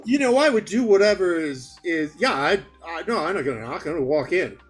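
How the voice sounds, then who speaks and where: High-voiced, hesitant male player. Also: expressive, a little fast, soft background music. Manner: hesitant, apologetic, stammering. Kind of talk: tabletop role-play, playing his character.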